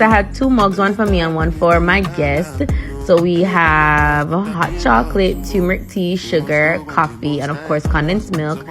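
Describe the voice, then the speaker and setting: A woman narrating a day-in-the-life vlog in a bubbly, chatty way. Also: medium pitch.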